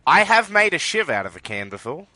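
A man's voice: fairly high pitch, sing-song, brisk, sharp tone, no echo. An Australian man co-hosting a casual podcast, wry and jokey, thinking aloud with ums. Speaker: podcast co-host. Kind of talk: casual chat.

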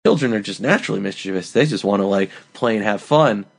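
Animated man rambling through an improv bit. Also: lowish voice, fast, creaky, husky. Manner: rambling, animated storytelling with fillers. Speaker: podcast co-host. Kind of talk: improvised comedy chat.

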